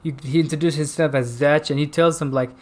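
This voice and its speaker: A man's voice: a little high, steady tone, a little fast. A man co-hosting a film review chat, not a native English speaker, who rambles, hunts for words and laughs often. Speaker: podcast co-host reviewing a film. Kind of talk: casual chat.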